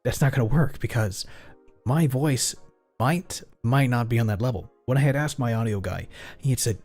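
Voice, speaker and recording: A man's voice: medium pitch, moderate pace, darkish tone, soft background music. A man streaming, chatting casually in a rambling, profane way. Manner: rambling, profane, acts out both sides of imagined exchanges.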